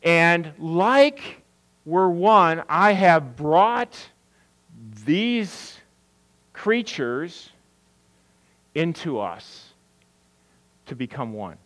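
A middle-aged pastor preaches conversationally, posing questions and answering them himself. His fairly high, fairly bright voice swings widely in pitch, with drawn-out words and long pauses, and the recording is rough.

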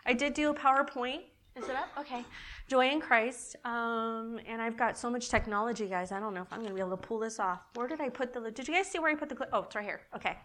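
Bright, animated woman preaching. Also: fairly high pitch, fast. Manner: animated and emotional, repeats key words. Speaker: women's ministry speaker. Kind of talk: sermon.

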